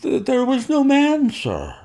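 A frightened servant denies everything in a strained, high, pleading voice that climbs well above a low gravelly base, as a man reads him in a storybook. The voice jumps about with nerves. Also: big pitch swings, normal speed, warm tone, exaggerated voice. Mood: stubborn. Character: frightened male college servant, stubborn.

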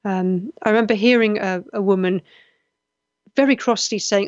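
A middle-aged woman from the West Country of England hosts a live chat show, earnest and chatty as she answers viewers. Her voice sits at a middle pitch. The sound is dull and dry, with no room around it. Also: steady tone, moderate pace, no room sound. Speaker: host. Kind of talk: live-stream chat show, reading comments.

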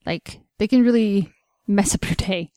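A woman's voice: medium pitch, a little slow, mellow, dry recording, clean studio sound. Chatty young woman co-hosting. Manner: chatty, lots of "like" and "um". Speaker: podcast co-host. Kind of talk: casual chat.

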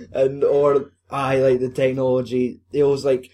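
A young man in casual chat, rambling through a film story with plenty of swearing and laughter. His pitch sits at a mid, everyday level, and the talk is loose and unscripted. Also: completely flat delivery, normal speed, warm tone.

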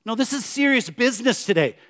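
A male pastor preaching a sermon in church, swinging from loud emphatic declarations to hushed, soft questions. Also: very high-pitched, expressive, a little fast.

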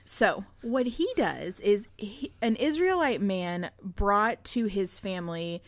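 A woman's voice: medium pitch, slow, no room sound. A woman co-hosting a casual, irreverent podcast, retelling stories with lots of cursing and laughter. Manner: animated retelling, profane, laughs often. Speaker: podcast co-host.

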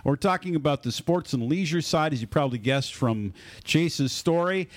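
A man's voice: fairly high pitch, moderate pace. A man hosting a radio talk show, giving upbeat announcer patter about the program and its guests. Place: radio studio.

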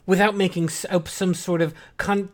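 Low-voiced woman with dry delivery. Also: steady tone, moderate pace. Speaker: podcast co-host. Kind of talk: casual comedic chat.

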